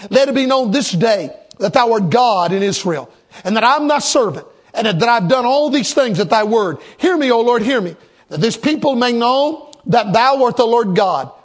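A man's voice: very high voice, lively intonation, moderate pace. A man preaching a sermon, with rhythmic, emphatic repetition and a storytelling turn.

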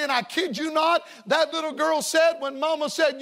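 A man's voice: very high voice, steady tone, normal speed, few pauses, sharp tone. A man preaching a revival sermon to a church congregation, folksy and emphatic, telling stories and hammering repeated refrains. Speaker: evangelist preacher.

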